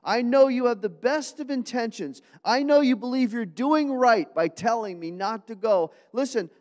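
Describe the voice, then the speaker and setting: A man's voice: very high-pitched, normal speed, long reverb tail, voice pushed up. A man voicing a heartbroken apostle who begs his weeping friends to stop crying, in a strained, raised voice. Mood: pleading.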